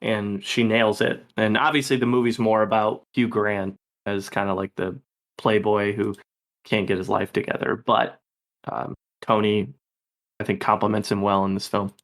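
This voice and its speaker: A man hosting a movie podcast, talking in a relaxed, rambling way with frequent laughs. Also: on the low side, normal speed. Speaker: podcast host. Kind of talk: casual movie podcast chat.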